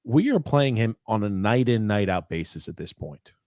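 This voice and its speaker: Low-voiced man chatting hockey. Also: animated, a little mellow, dry recording, clean studio sound. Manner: teasing, chatty, talks fast at times. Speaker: podcast co-host. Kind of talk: casual sports watch-along chat.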